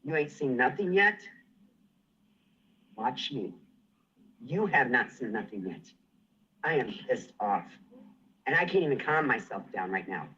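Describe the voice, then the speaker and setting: A man's voice: medium pitch, big pitch swings, a little slow, pauses often, pushed and bright, husky. A man on a livestream, ranting furiously and threatening someone, swearing and refusing to back down. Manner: furious, threatening, profane, defiant. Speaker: livestream guest. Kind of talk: angry livestream rant. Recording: muffled livestream audio.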